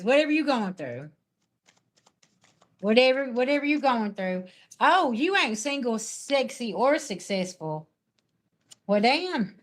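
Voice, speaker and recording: A woman's voice: a little high, sing-song, measured pace, long pauses. A woman, chatting casually on a live stream as a spiritual reader and answering viewers' comments in a sassy, blunt way. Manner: sassy, blunt, talks straight back at chat comments.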